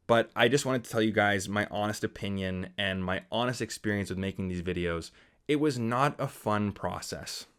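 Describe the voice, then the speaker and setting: A young man, a film critic, talking casually to his viewers, acting out comments in a lively way. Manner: animated, acts out quoted comments with big pitch jumps. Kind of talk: casual talk to camera.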